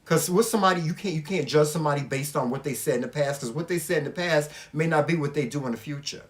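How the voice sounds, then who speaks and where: Animated Southern man chatting casually. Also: on the high side, fast talker. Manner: animated, emphatic and profane, addressing viewers directly. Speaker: vlog host. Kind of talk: casual couple chat.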